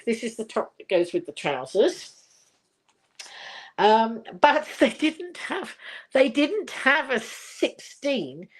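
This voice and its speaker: An older woman from England hosting a casual live chat at home, rambling cheerfully, laughing often and reading viewer comments aloud. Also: mid-range voice. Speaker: livestream host.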